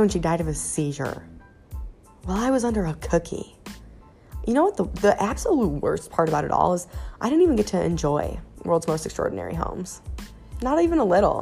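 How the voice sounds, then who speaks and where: A young woman talks through a podcast story in a loose, swear-heavy ramble, mocking herself as she goes. Her voice sits low with a gravelly edge. Faint music plays quietly underneath. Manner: profane, rambling, self-mocking. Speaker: podcast host. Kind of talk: casual storytelling monologue.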